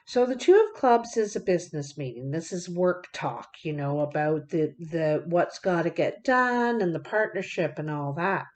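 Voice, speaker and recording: A woman's voice: on the low side, lively intonation, normal speed, few pauses, a little mellow. A woman giving a card reading to her viewers, talking in a folksy, direct way with many fillers. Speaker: card reader.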